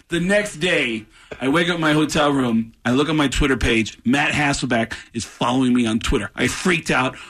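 A man, a comedian on a radio show in the studio, telling animated stories and acting out the people in them. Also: medium pitch, moderate pace, slightly rough. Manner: excitable, acts out voices in the story. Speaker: comedian guest.

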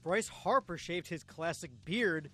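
A man co-hosting a sports talk show, with a fairly high voice for a man, reading out news prompts briskly. Faint music sits quietly in the background. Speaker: sports radio co-host.

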